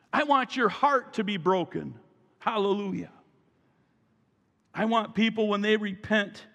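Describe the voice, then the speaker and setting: A man's voice: high-pitched, fairly bright tone. A male pastor preaching a sermon with emphasis and calling the congregation to repeat after him. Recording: long reverb from a large hall.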